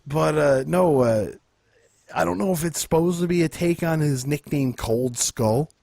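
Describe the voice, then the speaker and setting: A man's voice: a little high, unhurried, creaky, a little mellow, no echo. A man co-hosting a wrestling podcast in a laid-back, dry, profane way. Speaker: podcast co-host. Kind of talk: casual wrestling chat.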